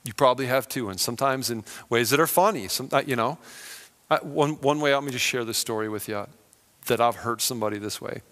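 A man's voice: medium pitch, brisk, fairly bright tone. A man preaching a conversational, self-deprecating sermon and telling a story with acted-out quotes. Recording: long hall reverb.

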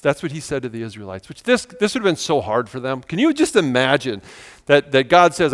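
A man's voice: mid-range voice, big pitch swings, fairly quick, big-room sound. A man preaching a sermon in a church, talking in a conversational, earnest way with many rhetorical questions. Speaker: pastor. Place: church sanctuary.

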